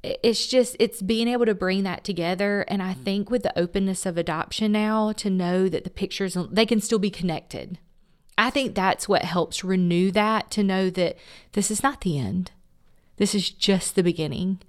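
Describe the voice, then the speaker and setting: A woman's voice: mid-range voice, unhurried, smooth. Woman, adoption agency director, interview guest, earnest, heartfelt storytelling.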